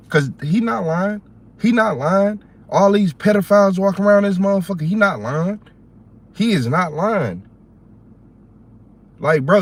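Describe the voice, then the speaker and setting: A man with a Southern US accent hosting a livestream, chatting casually in a rambling, animated, slangy way. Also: on the high side. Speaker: livestream host.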